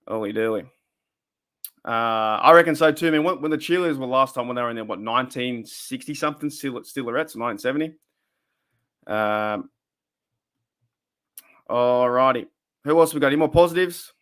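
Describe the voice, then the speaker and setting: A man's voice: mid-range voice, bright, forceful tone. A young Australian man hosting a casual live stream, rambling and repeating himself as he reads the chat.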